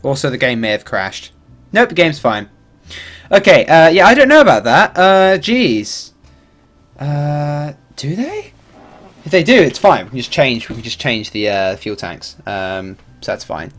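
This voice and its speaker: Lively, rambling male game streamer. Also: on the high side, measured pace. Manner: animated, rambling, swears and laughs freely. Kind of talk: casual livestream commentary.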